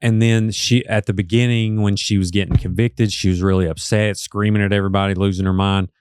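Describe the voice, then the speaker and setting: A man with a low, smooth voice chats easily on a dry, close mic. He spins theories and wanders into movie references. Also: flat delivery, fairly quick, darkish tone, dry recording. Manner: easygoing, theorizing, slides into movie quotes. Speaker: podcast co-host. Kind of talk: casual true-crime chat.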